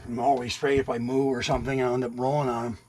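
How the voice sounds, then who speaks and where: A man's voice: medium pitch, level tone, very fast, darkish tone, a little hiss or hum. A man in his sixties chatting casually in a rambling way while cooking in his RV kitchen, talking to his cats now and then. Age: 60s. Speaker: RV vlogger. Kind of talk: casual cooking vlog chat.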